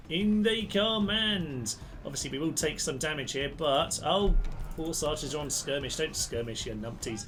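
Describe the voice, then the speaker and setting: Host type: man in mid range, casual let's-play commentator, gets excited and shouty at the troops, guitar track loud under him. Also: medium pitch. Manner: chatty and excitable, cheering his troops on. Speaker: gaming channel host. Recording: gameplay commentary with loud music behind. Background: guitar music.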